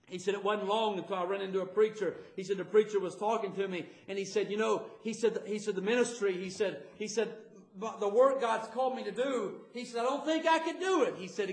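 A man's voice: sits high, reverberant. A man preaching a fervent sermon as pastor, stumbling over repeated words as he builds his points. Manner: stammering repetitions, fervent preaching.

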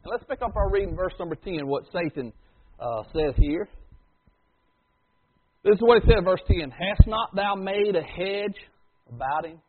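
Husky preacher on a tinny line. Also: male voice, high voice, animated, moderate pace, long pauses. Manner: dramatic swings from loud to hushed. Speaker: pastor. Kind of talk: sermon. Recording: tinny phone-like recording.

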